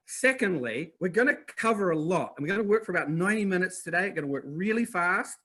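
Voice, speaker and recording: Running a live online masterclass, a New Zealand man talks straight to the viewers in chat with lots of energy. His pitch sits on the high side, and he's an upbeat webinar host.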